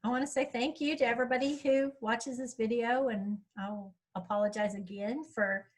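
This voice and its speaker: A woman's voice: a little high, steady tone, moderate pace, poor audio. Chatty woman. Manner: chatty, rambling storyteller. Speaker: author speaking at a writers' workshop. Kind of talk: casual chat.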